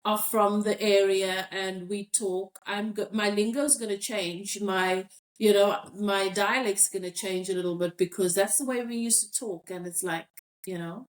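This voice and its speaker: A woman's voice: medium pitch, steady tone, measured pace. A South African woman hosting a podcast, talking things through thoughtfully and reading listener comments aloud. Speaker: podcast host. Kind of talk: casual discussion.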